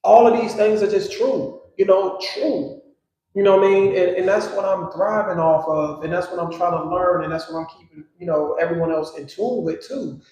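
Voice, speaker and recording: A man chatting casually on a live stream, his thoughts coming out in loose runs padded with "you know" and "um". His voice sits a bit high for a man. The room is hard and very echoey, so every word rings back. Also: normal speed, darkish tone. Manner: rambling, many fillers and "you know"s. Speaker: guest on a live talk stream. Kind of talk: casual chat.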